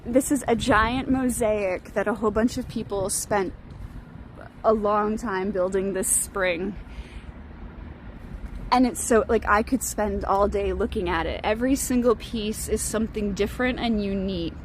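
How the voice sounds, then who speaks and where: A woman streaming live as she walks outside a building, excitable and gushing, laughing often as she greets her chat and points things out. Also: medium pitch, unhurried, slight background noise. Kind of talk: casual live-stream chat while walking. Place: outdoors beside a gallery building.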